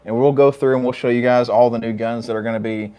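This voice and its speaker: A man's voice: mid-range voice, fairly even intonation, quick pace, dark tone, smooth. A man, co-hosting a casual livestream and trading teasing jokes. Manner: joking, teasing banter. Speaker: co-host of a gun shop livestream.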